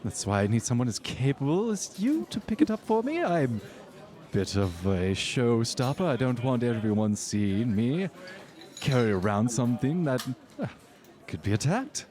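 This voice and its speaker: A man's voice: medium pitch, very animated, moderate pace, a little mellow, natural voice. A man voicing a flamboyant, pushy society woman with a sing-song, gushing way of talking. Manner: gushing, breezy, calls everyone darling.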